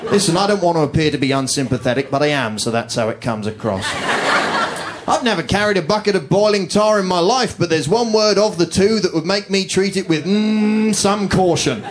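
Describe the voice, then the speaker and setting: A man with a posh English accent rants through a stand-up routine, sarcastic and mock-indignant. His voice sits fairly high. The live club recording carries clear audience laughter and noise behind him. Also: a little fast. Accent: posh southern English. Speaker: stand-up comedian. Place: comedy club stage before a laughing audience.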